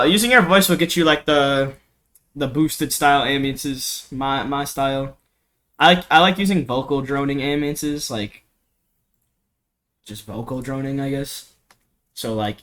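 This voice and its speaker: This young man has a mid-range, somewhat bright voice and talks at a normal speed. At home, he gives a loose, rambling music production tutorial as a casual screen recording, full of slang, fillers and swearing, picked up by a cheap desk mic.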